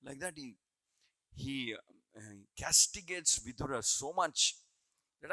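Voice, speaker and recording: A man's voice: medium pitch, lively intonation, a little slow, bright, forceful tone, no echo, poor audio. A man giving a devotional scripture class, earnest, repeating phrases as he retells a story. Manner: earnest, repeats phrases while building a point.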